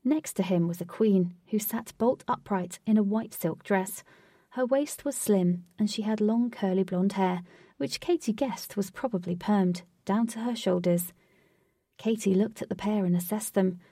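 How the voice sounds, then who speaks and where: A woman reading a fantasy story aloud at a calm, steady pace. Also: mid-range voice, moderate pace, no echo, studio quality, recorded from a distance. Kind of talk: storybook narration.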